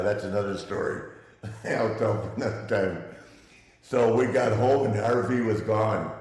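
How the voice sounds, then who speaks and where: An older man telling stories as an interview guest, chuckling and rambling as he restarts his sentences. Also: on the low side. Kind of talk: casual interview storytelling. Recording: echoey room.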